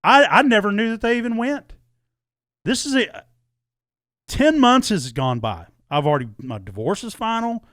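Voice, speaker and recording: Animated man telling a story. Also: high-pitched, moderate pace, no room sound, studio quality. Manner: animated, acts out quoted dialogue, swears freely. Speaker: podcast guest telling his story. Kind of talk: casual storytelling, podcast chat.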